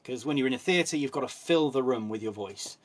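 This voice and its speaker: Relaxed English man telling anecdotes. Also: mid-range voice, brisk. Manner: relaxed anecdotal storytelling with many ums. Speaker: actor guest. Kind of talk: casual interview chat.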